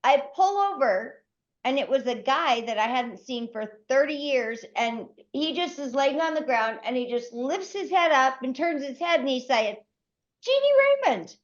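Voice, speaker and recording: A middle-aged woman co-hosting a podcast, telling a story in a lively, animated way and acting out the quotes. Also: high voice, moderate pace. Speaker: co-host. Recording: dull lo-fi podcast audio.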